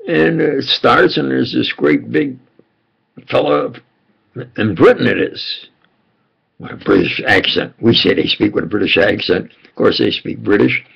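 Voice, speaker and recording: An older American man with a heavily gravelly, husky voice rambles through a spontaneous recollection, stopping often for fillers and restarts. The sound is dull and lo-fi, like a home video recorded on a device mic. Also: mid-range voice, unhurried. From United States. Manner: meandering, with frequent fillers and restarts. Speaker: self-styled preacher recounting memories.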